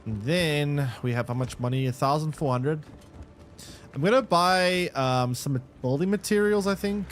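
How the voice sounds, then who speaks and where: A man streaming a game live, reacting out loud and talking to his chat. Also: on the high side, moderate pace. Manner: animated, exclaims and talks to chat. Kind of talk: live gameplay commentary. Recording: faint game music behind.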